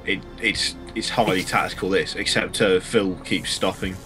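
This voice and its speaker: A man's voice: low voice, steady tone, normal speed, pushed and bright, faint music behind. A man co-commentating a game match with wry remarks.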